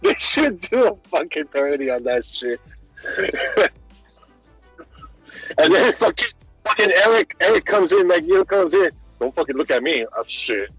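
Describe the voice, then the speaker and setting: A man co-hosting a casual comedy chat, laughing often and swearing freely, with loud bursts of excitement. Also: sits high, measured pace, long pauses, husky, no echo, faint music behind, rough recording. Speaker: podcast co-host.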